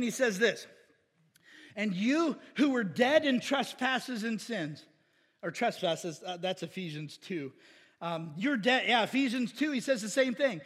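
A man pastor preaching a casual, animated sermon in a church, with shouted bursts. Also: high voice, slightly rough, long reverb tail. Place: church sanctuary.

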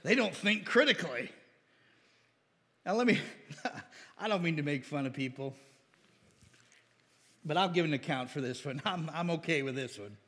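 A man preaching a sermon, animated, with laughs and mocking impressions of critics. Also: on the high side, normal speed, long pauses, long reverb tail. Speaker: pastor.

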